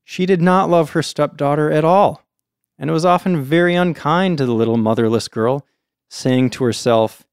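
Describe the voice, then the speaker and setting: A man reads an old folktale aloud in a casual podcast manner, stepping out of the text now and then for friendly asides. His voice is smooth and resonant at a middle pitch, recorded close and dry. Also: normal speed, no echo. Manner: reads steadily, breaks off for chatty asides. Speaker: storyteller host.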